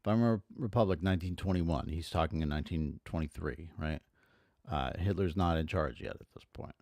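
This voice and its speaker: A man with a very low voice reads aloud haltingly and stops to complain with blunt, profane asides. He sounds close to the mic in a dry, dead room, full of ums and restarts. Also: darkish tone, no room sound. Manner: exasperated, profane asides between halting read-aloud passages. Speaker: streamer reading and commenting on a historical text. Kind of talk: casual reading with commentary.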